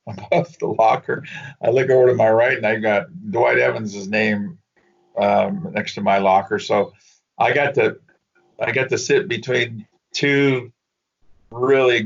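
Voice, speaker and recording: A man's voice: on the low side, gravelly. An older man, a former baseball hitting coach, telling rambling anecdotes with restarts and laughs in a casual interview. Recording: dull lo-fi audio.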